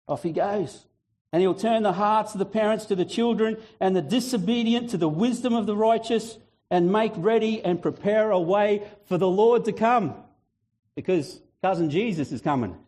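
Man preaching, animated, acts out voices; higher, mellow tone. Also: moderate pace. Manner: animated, acts out biblical voices, chatty asides; fluent, breaks into a shout. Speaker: pastor. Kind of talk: sermon.

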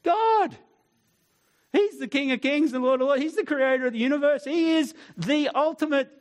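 A man preaching a sermon, telling stories and acting out voices, at times dropping to a soft, tender tone. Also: extremely high pitch, moderate pace. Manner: storytelling, acts out voices, drops to soft tender tone. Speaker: pastor.

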